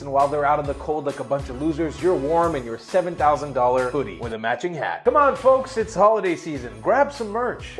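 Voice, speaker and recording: A man reading a sarcastic mock holiday advertisement in a jokey salesman pitch. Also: close to an everyday voice. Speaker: ad narrator.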